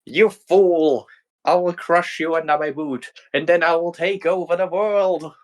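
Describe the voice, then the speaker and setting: A man's voice: a little high, fairly even intonation, unhurried, pitched above the performer's own voice, natural voice. A man doing a boisterous evil twin girl. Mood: gloating. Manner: loud, boisterous, gloating.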